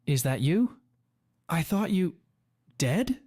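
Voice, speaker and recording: A man voicing a cold, scornful, wealthy middle-aged woman in a story reading, sharp in tone. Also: on the high side, very animated, slow pace, no echo, clean studio sound, pitched above the performer's own voice, exaggerated voice.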